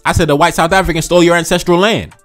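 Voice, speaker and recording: A man's voice: fairly high pitch, steady tone, rapid-fire, a bit bright, soft background music. A man with an American accent hosting a reaction video, talking passionately in slangy street speech and repeating phrases for emphasis. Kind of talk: fired-up commentary on viewer comments.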